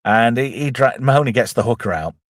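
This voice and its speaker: A man's voice: mid-range voice, lively intonation, fairly quick, dry recording, studio quality. A man chattily retelling a comedy film scene by scene, with self-deprecating asides. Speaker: film reviewer, channel host. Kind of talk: casual film recap.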